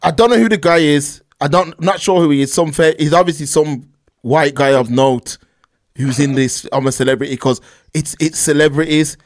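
A man hosting a casual reaction stream, animated and talking straight to his chat. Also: on the high side, moderate pace. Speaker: stream host reacting to a clip.

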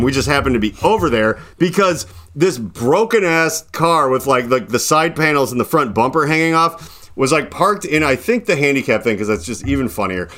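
A man hosting a podcast, telling a rambling, profane story in casual chat and loudly acting out the people in it. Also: on the high side. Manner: animated, profane, acts out quoted people in loud bursts. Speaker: podcast host. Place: indoors, podcast recording.

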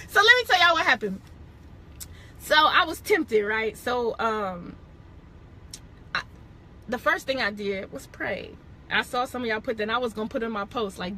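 A woman's voice: high-pitched, animated, normal speed, bright, forceful tone, slight background noise. A young woman hosting a podcast, telling a candid faith testimony in a casual chat, laughing often and stopping to correct and backtrack. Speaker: podcast host.

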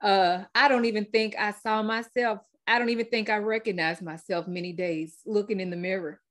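A woman's voice: mid-range voice, steady tone, moderate pace, fairly bright tone. A woman hosting a faith-based podcast, telling her story with heartfelt repetition and fillers. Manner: heartfelt testimony, repeats words, fillers. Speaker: podcast host.

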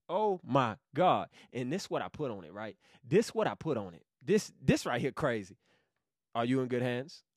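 Podcast host, young Georgia man, hyped slangy Bible talk, lively swinging pitch, close dry mic. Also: dry recording. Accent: Southern US, Georgia. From Savannah, Georgia. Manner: hyped, slangy, bursts into loud exclamations. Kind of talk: excited casual Bible teaching.

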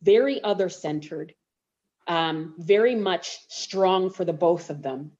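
A woman co-hosting a faith podcast, teaching from the Bible in an expressive, storytelling way and acting out the quotes. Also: fairly low pitch, takes it slowly. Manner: uses y'all. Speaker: podcast co-host. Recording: slightly dull lo-fi sound.

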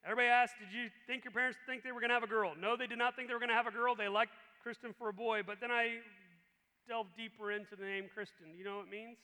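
A male pastor preaching a sermon with animated emphasis. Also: very high voice, fast, clean tone. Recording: long reverb in a large hall.

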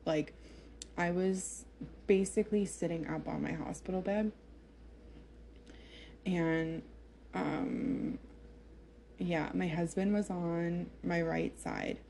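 Young woman, chatty personal storyteller, dark mellow tone, faint room noise underneath. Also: fairly low pitch, steady tone, takes it slowly, gravelly, pauses often. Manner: chatty, filler-heavy, emotional retelling. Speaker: mother telling her birth story.

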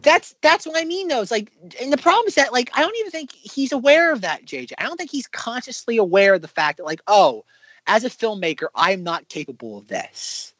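Man, podcast co-host, casual chat, animated, long run-on sentences, dry close mic. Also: extremely high pitch, brisk, slightly rough, no echo, muffled recording. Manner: animated, talks in long run-on predictions with restarts.

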